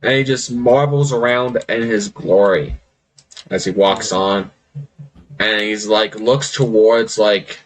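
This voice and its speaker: A man's voice: on the low side, fairly even intonation. A man narrating a tabletop game as game master, loose and rambling. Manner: loose, rambling, quick to laugh.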